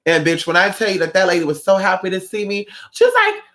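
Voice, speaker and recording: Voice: medium pitch, fast. A livestreamer from Northern California chatting in a sassy, profane way and acting out quotes while welcoming viewers. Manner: sassy, profane, animated storyteller who acts out quotes. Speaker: livestreamer and spiritual shop-goer. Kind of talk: casual livestream chat.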